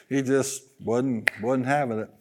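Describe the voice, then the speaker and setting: Man, pastor, sermon, mid-pitched voice, animated, call-and-response. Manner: animated preaching with call-and-response, jokes and sung asides.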